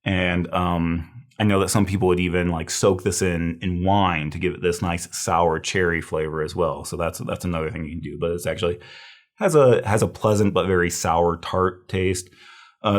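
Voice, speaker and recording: A man lecturing on herbal medicine in a casual, thinking-aloud way, with fillers and restarts. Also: deep voice. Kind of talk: recorded review lecture.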